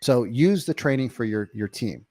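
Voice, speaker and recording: A man coaching real estate agents in an emphatic, direct way. His voice sits at a medium pitch, and he keeps checking in with the listener. The recording is dry and close, with no room sound. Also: expressive, moderate pace, a little mellow, no echo. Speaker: real estate sales trainer. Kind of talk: coaching monologue.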